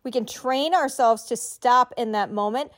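Speaking at a moderate pace with a fairly high pitch, a middle-aged podcast host and writing coach gives instructional tips to writers. Her manner is warm, encouraging and conversational, and she directs listeners on what to do.

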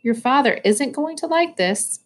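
A woman's voice: high voice, lively intonation, measured pace, pitched above the performer's own voice. A woman reading aloud voices a caring, worried mother who fusses over her son. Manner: fussing, sighing.

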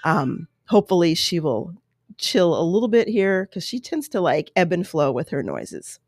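A woman's voice: lowish voice, sing-song, normal speed, no echo, studio quality. A woman commenting earnestly on a video clip for her viewers, emotional and apologetic in her asides. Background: baby making noises.

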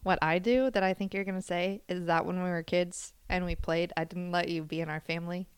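A woman in casual chat with her sister, playful and quick to laugh. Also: fairly low pitch, fairly even intonation, clear, resonant tone, dry recording. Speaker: co-host sister.

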